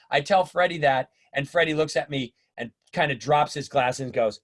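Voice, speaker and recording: A middle-aged man telling stories in a casual interview, animated and acting out the voices of people he quotes. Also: mid-range voice, brisk, hardly any pauses. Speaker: drummer and teacher, interview guest.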